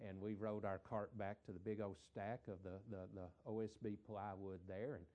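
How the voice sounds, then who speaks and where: A middle-aged man, a preacher telling a folksy story in a sermon, repeating words and swelling louder for emphasis. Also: fairly low pitch, flat delivery, moderate pace, highs cut off.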